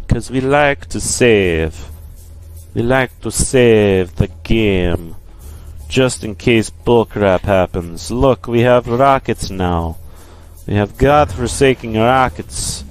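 Guy doing goofy let's play commentary, cussing a lot, talks slow, middle pitch, a little hiss behind. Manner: goofy, profane, repetitive. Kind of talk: joking game commentary.

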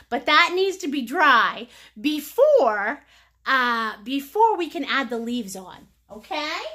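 High, bubbly silly painting teacher woman. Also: bright, forceful tone. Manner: silly, joking, encouraging; chatty, endearing pet names. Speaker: painting instructor. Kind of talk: live painting lesson.

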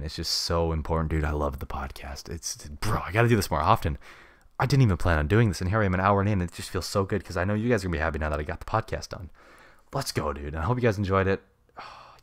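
Young male solo podcaster, deep, fast, casual rambler, dead-dry home mic. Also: dry recording. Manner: rambling, laid-back slang. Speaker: podcast host. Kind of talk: unscripted solo podcast chat. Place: home room. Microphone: studio mic with pop filter.

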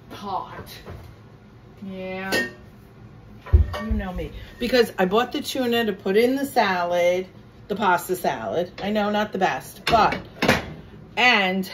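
In this casual kitchen vlog, a woman cooks at home and chats about the things that annoy her. Her voice is mid-range, and the low-quality recording carries slight background noise.

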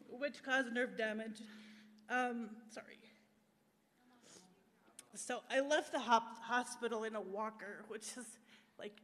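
An American woman's voice, a little high and fairly bright, carries her personal testimony as a guest speaker at a live-streamed church service. She is candid and emotional, frequently using fillers, in an echoey church hall.

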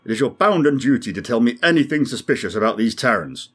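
A man's voice: medium pitch, sing-song, fast, breathy edge, voice pushed up. A man voicing a brusque, commanding male alien starship captain who demands answers. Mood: impatient.

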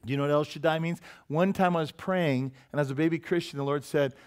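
A man preaching a sermon as pastor, in a lively, joking and emphatic way. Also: mid-range voice, fast, smooth.

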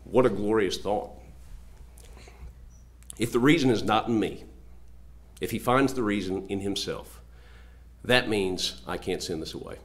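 A man preaching a sermon, reading scripture aloud slowly and swinging between loud declarations and low, quiet asides.

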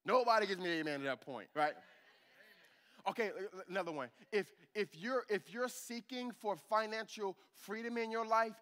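A man's voice: high voice, normal speed, a bit bright. A man preaching a sermon as pastor of a church, calling out to the congregation for amens. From United States. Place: church sanctuary.

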